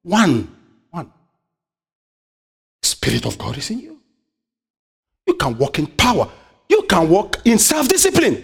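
A man's voice: wildly swooping pitch, unhurried, gravelly, pauses often, husky. A man preaching a sermon, often asking the congregation to finish his sentences. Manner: call-and-response, asks the congregation "what?"; swings between loud high exhortation and low quiet asides.

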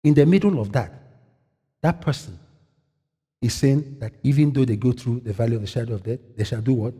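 A man preaching a sermon in an animated way, often asking the congregation a question and answering it himself, his voice a little husky. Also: mid-range voice, fairly quick. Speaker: pastor. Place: church. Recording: long hall reverb.

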